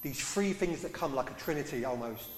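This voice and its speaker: A man's voice: mid-range voice, lively intonation, brisk. Man preaching in an echoey hall. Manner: conversational, asks the congregation questions. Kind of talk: sermon.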